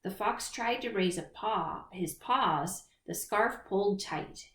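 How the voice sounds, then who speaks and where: A woman reading a children's picture book aloud in an expressive storytelling manner, in a roomy recording. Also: medium pitch, slow. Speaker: storybook reader. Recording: roomy echo.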